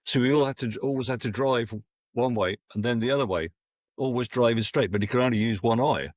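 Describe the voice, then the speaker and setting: Speaking fairly quickly in a mid-range voice, a Scotsman in his sixties guests on a podcast and spins casual, meandering stories. He restarts often and performs the quotes he relates. The recording is dry and studio quality.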